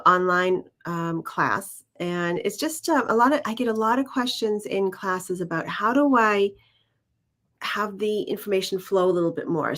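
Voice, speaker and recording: A woman from the US East Coast, a guest medium and teacher, talking in a friendly, halting way and laughing often. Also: fairly low pitch, fairly bright tone. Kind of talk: casual conversation.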